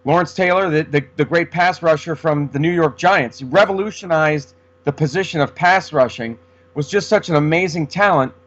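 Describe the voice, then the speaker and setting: A man co-hosting a casual sports podcast, rambling with many restarts. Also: a little high. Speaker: podcast co-host. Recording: dull lo-fi sound.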